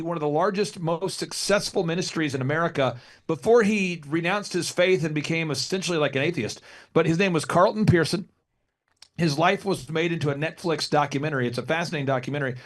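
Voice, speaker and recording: Man, 40s, podcast guest, lively storyteller, somewhat high-pitched. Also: fast. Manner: energetic storyteller who acts out quotes. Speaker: business consultant, guest. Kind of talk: podcast interview.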